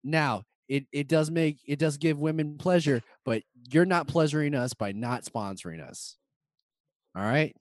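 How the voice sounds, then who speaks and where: A man's voice: fairly high pitch, measured pace, dry recording, clean studio sound. A man hosting a casual comedy podcast, joking crudely and laughing often. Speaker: podcast host.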